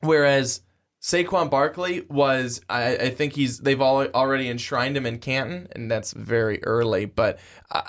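A man co-hosting a sports podcast who gives measured analysis and thinks aloud as he goes. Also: medium pitch, a bit bright. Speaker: podcast co-host.

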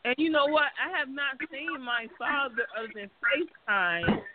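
A woman's voice: sits high, lively intonation, moderate pace. A woman in her forties from Chicago calling in to a radio show, talking bluntly and with profanity while trying not to cry. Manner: blunt, profane, fighting back tears. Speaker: caller. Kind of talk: emotional phone call-in. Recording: noisy phone line.

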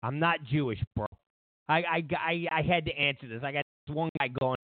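A man's voice: fairly high pitch, brisk, no echo, phone-quality sound. A man hosting a political commentary show, ranting sarcastically and incredulously, stammering through restarts.

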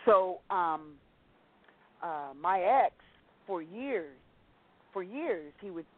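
A woman telling a personal testimony as a guest, slowly relating a story and acting out the people in it. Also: lowish voice, animated. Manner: slow storytelling, acting out quoted voices. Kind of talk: personal testimony in a call-in talk. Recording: tinny phone line.

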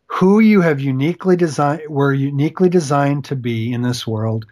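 A man's voice: on the high side, normal speed, hardly any pauses, darkish tone. A man, a guest author and coach, talks through his method in a faith-based interview. His delivery is earnest and encouraging, and he repeats key phrases for emphasis.

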